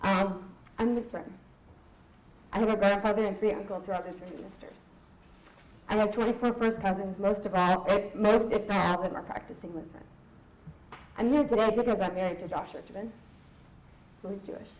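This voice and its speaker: A woman's voice: mid-range voice, steady tone, a little fast, darkish tone. A young woman from Southern California giving a candid, emotional personal talk at a conference, with a laugh now and then. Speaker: conference speaker. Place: conference hall. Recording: echoey hall.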